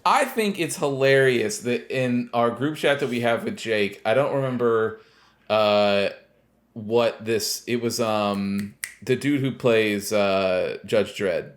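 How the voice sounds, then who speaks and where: A man's voice: on the low side, takes it slowly. Sarcastic, teasing podcast co-host man. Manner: sarcastic, teasing, swears freely. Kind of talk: casual chat.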